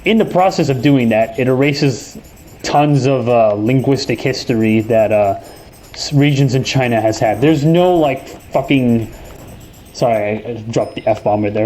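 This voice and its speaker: A young man from New York talks at a home desk mic, voice of ordinary middle pitch. He rambles, backtracks and drops curses mid-thought. A faint room hum sits underneath. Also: dark tone, low-quality recording. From New York, USA. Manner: rambling, profane, self-correcting. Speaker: host. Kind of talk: casual gaming chat. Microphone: desk microphone.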